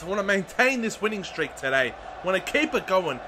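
Excitable young man commentating gameplay. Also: high voice, brisk, few pauses, slightly rough. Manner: excitable, shouts at big moments, chatty. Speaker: gaming YouTuber. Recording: audible background noise.

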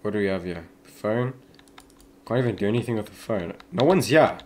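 A lowish male voice at normal speed, with a little background noise, belongs to a young YouTuber commentating on a horror game. He's chatty and jumpy, yelping and shouting at frightening moments and saying "yo" repeatedly.

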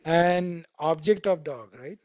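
A man's voice: fairly high pitch, takes it slowly, dry recording. A man teaching a programming class, explaining with everyday comparisons and checking in with students by asking "right?" after nearly every point. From India. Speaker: programming instructor. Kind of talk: live online coding class.

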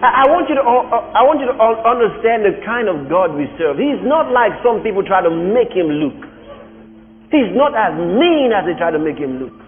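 Animated man preaching in a hall. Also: high voice, normal speed. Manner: animated preaching with dramatic repetition. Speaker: pastor. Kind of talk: sermon. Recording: thin phone-like sound in a reverberant hall.

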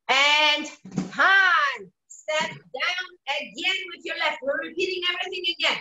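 A high-pitched woman with a bright, forceful voice coaches a workout over a video call, energetically counting reps and giving form cues. She sounds set back from the mic in an echoey room. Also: a little slow, distant mic. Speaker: fitness instructor. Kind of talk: live online workout coaching. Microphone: video call, away from the mic.

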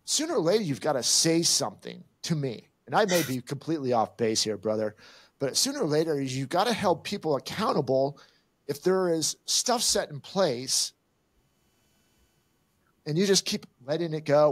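A man's voice: a little high, lively intonation, moderate pace, slightly rough. An older man co-hosting a podcast, telling a story in casual chat and acting out the exchanges he quotes. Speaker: podcast co-host.

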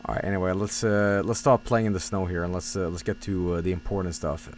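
A man's voice: low-pitched, flat delivery, quick pace, a little hiss or hum. A man streaming a game, chatting casually and swearing as he rambles through tasks and stories. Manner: rambling, profane, easily startled. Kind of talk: casual gameplay commentary.

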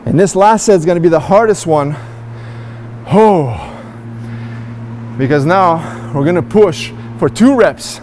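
A man with a slightly high voice coaches through a weightlifting session in an indoor gym. He talks straight to his viewers in an upbeat, encouraging way while he demonstrates. Faint noise sits behind him. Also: expressive, measured pace, pauses often, a little mellow. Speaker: fitness vlogger. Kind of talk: workout demonstration and instruction.

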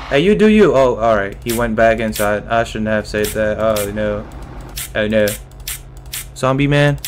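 A man's voice: lowish voice, expressive, measured pace, a little hiss or hum. A man giving nonstop let's play commentary on a horror game as a streamer, jumpy and panicky, breaking into sudden yelps. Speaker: gaming streamer.

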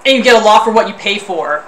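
A woman streamer chatting casually to her viewers, loudly exclaiming and laughing while suffering through a spoonful of wasabi. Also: fairly high pitch, reverberant, recorded from a distance, slight background noise. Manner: exclaiming and laughing, talks to chat. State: sniffly and pained from wasabi. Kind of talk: casual live-stream chat. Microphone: desk mic, sometimes clipping.

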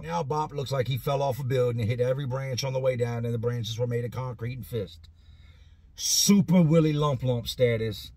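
A man telling a profane, animated story about his own past in a casual, conversational way. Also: medium pitch, moderate pace, no room sound. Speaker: vlogger telling prison stories.

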